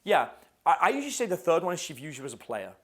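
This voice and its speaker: Animated male dating coach. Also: on the high side, racing. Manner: casual, swears, quizzes the audience. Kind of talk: live seminar teaching.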